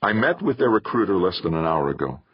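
A man's voice: low-pitched, big pitch swings, fast, slightly rough, no room sound, highs cut off, heavily acted. A man reading an audiobook, voicing an eager young man who pleads with his father.

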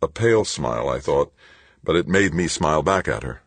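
A man reading a first-person science fiction novel aloud as audiobook narrator, with a steady, measured storytelling delivery. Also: a bass voice, slightly rough, dry recording.

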